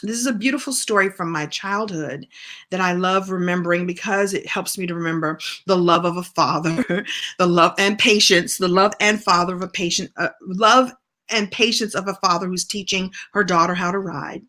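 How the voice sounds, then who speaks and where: A middle-aged woman coach telling a personal story in an animated, heartfelt way as a motivational talk. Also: fairly low pitch, normal speed. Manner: animated, heartfelt, with self-corrections. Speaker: coach and speaker.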